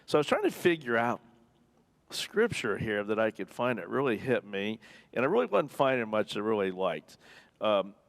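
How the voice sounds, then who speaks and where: A man's voice: on the low side, sing-song, moderate pace, vocal fry. A man preaching a conversational sermon as pastor, joking and acting out the people he quotes. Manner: conversational, jokey, acts out quoted voices. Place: church.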